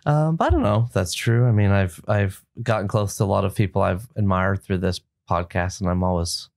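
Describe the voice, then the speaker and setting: A man's voice: low-pitched, a little fast, gravelly. A man hosting a podcast, asking curious, thoughtful questions in casual chat. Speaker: podcast host.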